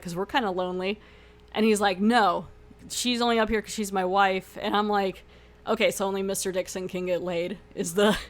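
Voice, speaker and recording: A young woman hosting a podcast who animatedly retells a TV episode, acting out the lines and often laughing. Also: medium pitch. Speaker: podcast host. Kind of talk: casual episode recap review.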